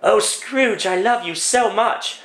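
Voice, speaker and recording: A man's voice: takes it slowly, a bit bright. A man doing a lovesick young woman. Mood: pleading. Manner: pleading, sugary falsetto. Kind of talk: one-man comedic radio play. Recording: roomy echo, distant mic.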